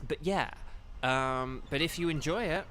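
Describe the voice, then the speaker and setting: A man's voice: on the high side, a little slow, fairly bright tone, a little hiss or hum. Rambling young man streaming a game. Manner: rambling, filler-heavy, apologetic. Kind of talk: casual live-stream chat.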